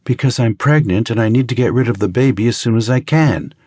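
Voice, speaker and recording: A guarded young woman in her twenties, as a male narrator puts her on, speaking quietly but firmly and giving little away. Her voice is lifted above the narrator's own, read close and dry. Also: medium pitch, fairly quick, husky, no room sound, pitched above the performer's own voice, natural voice. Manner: quiet but firm, evasive.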